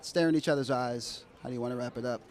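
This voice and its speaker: A man hosting a live dating show, energetic and hyping up the audience. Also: mid-range voice, fast talker. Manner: energetic, hypes the crowd. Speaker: host.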